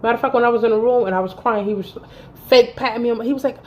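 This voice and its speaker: A woman's voice: fairly high pitch, very fast. A woman in her thirties telling a heated personal story in a vlog, blunt and swearing freely. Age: 30s. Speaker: vlogger.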